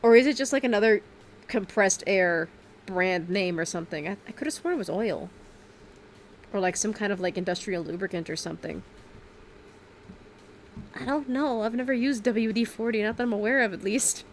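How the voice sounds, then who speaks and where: A woman chats loosely on a stream, wandering between thoughts with plenty of fillers and quick self-corrections. Her voice sits at a middle pitch. A faint noise hums under the recording. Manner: rambling, chatty, many fillers and self-corrections; laughs often. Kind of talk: casual livestream chat.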